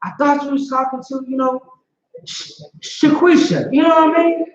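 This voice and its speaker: A man voicing a girlfriend who pleads and makes excuses after a fight, in a high, rushed voice. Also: fairly even intonation, echoey room, muffled recording. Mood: pleading.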